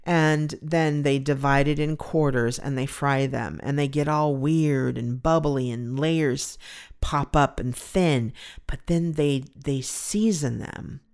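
A woman's voice: extremely low pitch, takes it slowly, darkish tone. A middle-aged woman from California hosting a solo podcast, rambling and gushing with emotion about a favorite food. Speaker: podcast host. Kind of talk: casual solo podcast chat.

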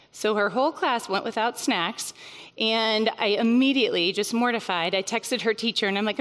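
A woman's voice: fairly high pitch, a little fast, a bit bright. A woman in her thirties giving a casual teaching talk to a mothers' group, chatty and conversational, with many fillers and bursts of emphasis. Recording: long hall reverb.

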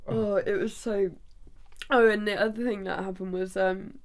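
A woman's voice: medium pitch, fairly even intonation, normal speed. A woman chatting casually as a podcast co-host, giggly, frank and sweary. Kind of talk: casual chat.

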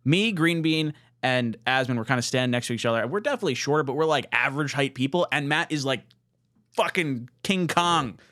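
Teasing podcast co-host, mid voice. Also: male voice, medium pitch, quick pace, hardly any pauses, fairly bright tone, no echo, clean studio sound. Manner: teasing, joking banter. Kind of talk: casual podcast chat.

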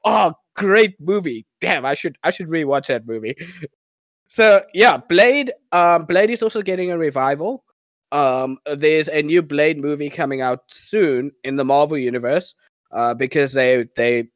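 A man's voice: medium pitch, no room sound. A man co-hosting a podcast in casual chat, enthusiastic and gushing, laughing often. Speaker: podcast co-host.

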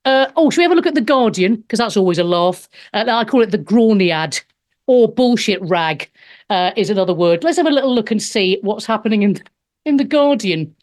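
A woman's voice: medium pitch, expressive, fairly quick, darkish tone. A woman in her fifties, a stand-up comedian hosting a show, sarcastically reading out and mocking news headlines, swearing freely. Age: 50s. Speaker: host.

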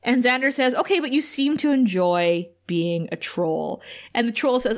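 A woman's voice: fairly high pitch, normal speed. Woman, podcast co-host, casual recap chat, laughs a lot, acts out the characters' lines. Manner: animated, laughs often, acts out quoted lines.

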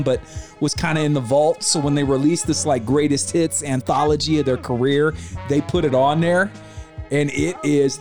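Podcast co-host, man in his 40s, slightly higher voice, lively casual storyteller, light music behind. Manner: animated storyteller, swears casually. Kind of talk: casual chat.

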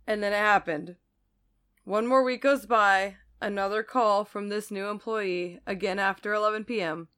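A woman's voice: medium pitch, steady tone, normal speed, fairly bright tone, clear, resonant tone. A woman co-hosting a casual chat show, reading a listener's story aloud and laughing often. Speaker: podcast co-host reading listener stories.

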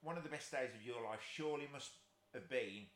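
A man hosts a casual interview, full of eager fan enthusiasm. His mid-pitched voice bounces around an echoey room. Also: a little fast, fairly bright tone. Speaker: podcast host and fan.

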